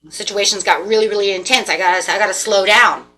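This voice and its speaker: A woman giving a casual tarot reading, animated and repetitive, acting out the people in the cards. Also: mid-range voice, fast talker. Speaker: tarot reader.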